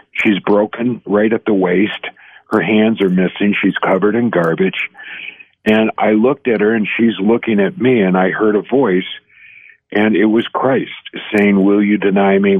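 Older guy in his 60s on a tinny phone line, deep voice, earnest, stops and restarts a lot. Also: slightly rough, dry recording. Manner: halting, earnest storytelling with restarts. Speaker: guest. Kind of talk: personal testimony in an interview.

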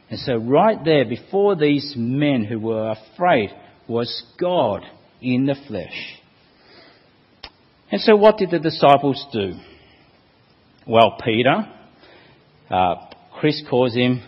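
Lively preacher in an echoing hall. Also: male voice, a little high, husky. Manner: expressive, rhetorical questions, quotes scripture with emphasis. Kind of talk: sermon. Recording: long hall reverb, dull lo-fi sound.

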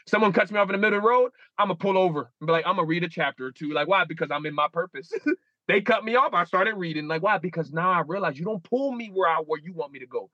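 A man's voice: high-pitched, expressive, quick pace, bright, forceful tone, no echo, lo-fi sound. A man in his thirties, a guest in a casual interview, telling stories animatedly and acting out his own inner dialogue. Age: 30s.

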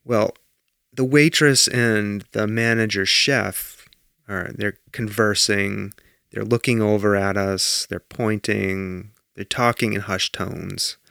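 Male podcast co-host, chatty storyteller, gravelly texture, dry close sound. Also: fairly low pitch, takes it slowly, no room sound. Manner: animated storytelling with acted-out quotes. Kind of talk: casual chat.

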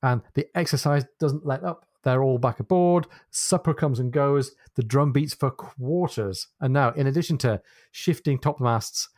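A man on a book podcast, retelling a chapter in a measured, descriptive way with small hesitations. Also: medium pitch, a little mellow, dry recording, studio quality. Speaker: podcast co-host.

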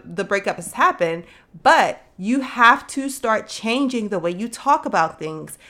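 A woman's voice: medium pitch, a bit bright. A young woman hosting a faith show, speaking in an earnest, conversational way and calling her listeners sis. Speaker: faith podcast host. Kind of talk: encouraging faith talk to listeners.

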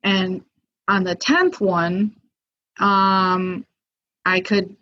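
A woman telling a story in a casual, lively way, with lots of fillers, acting out what people said. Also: medium pitch, extremely slow. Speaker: guest. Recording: muffled lo-fi audio.

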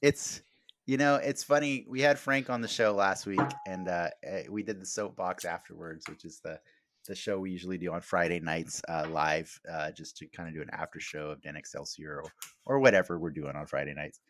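A man's voice: deep voice, brisk, fairly bright tone, a little hiss or hum. A man hosting a podcast, chatting casually and rambling, with many fillers and restarts. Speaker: podcast host.

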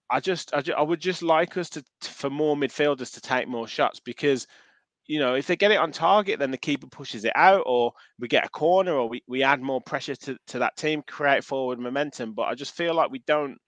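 A man's voice: medium pitch, brisk, a bit bright, dry recording. A man co-hosting a football podcast, chatting casually, with many restarts and comments read from listeners. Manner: rambling, frequent restarts, reads out listener comments. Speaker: podcast co-host.

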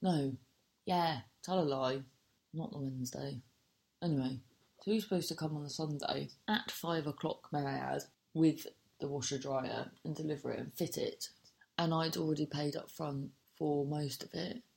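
A woman's voice: sits low, fairly even intonation, moderate pace, creaky, darkish tone. A woman telling a story in casual chat, exasperated and swearing freely, often cutting herself off mid-sentence.

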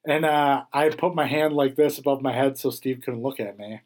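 A man's voice: mid-range voice, moderate pace, darkish tone. A man co-hosting a podcast in casual chat, swearing freely and laughing often. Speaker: podcast co-host.

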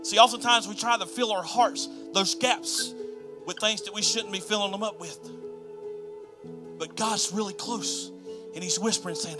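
Loud music sits behind this male pastor's high voice as he preaches at an ordinary pace. His delivery shifts between soft, hushed passages and loud, emphatic lines with rhythmic repetitions.

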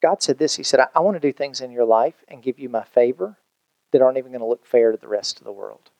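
A man pastor, preaching a sermon in an animated, conversational way with jokes and acted-out quotes. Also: mid-range voice, fast, creaky, no room sound, highs cut off.

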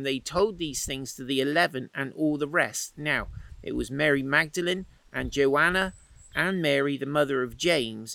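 A man's voice: medium pitch, vocal fry, a bit bright, dry recording, poor audio. A man teaching from the Bible outdoors in the wind, retelling the story in a chatty, playful way with asides. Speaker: preacher.

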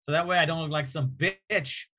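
A man, a comedian guest on a podcast, telling an animated, profane anecdote in casual chat. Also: fairly high pitch, moderate pace.

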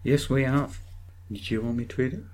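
A man co-hosting a podcast in casual chat, deadpan and grumbly. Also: mid-range voice, normal speed. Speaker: podcast co-host.

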